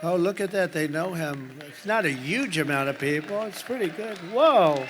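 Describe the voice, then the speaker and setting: A man's voice: a little high, lively intonation, normal speed. A man giving a rambling, boastful rally speech in a large indoor arena, with off-the-cuff asides to the crowd. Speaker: political candidate at a rally. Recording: arena with long reverb and crowd noise. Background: cheering crowd.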